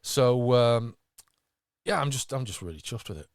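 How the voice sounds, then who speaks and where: A man's voice: medium pitch, lively intonation, moderate pace, no room sound, clean studio sound. A man hosting a podcast, talking with enthusiasm and rambling through fillers and restarts. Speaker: podcast host. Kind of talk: casual podcast chat.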